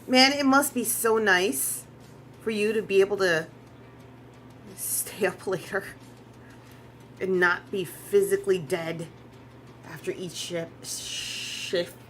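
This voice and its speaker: A woman's voice: medium pitch, takes it slowly, pauses often, a bit bright, slight background noise. A woman artist chatting casually on a live stream as she draws, rambling, restarting sentences and swearing freely. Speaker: artist streaming while drawing.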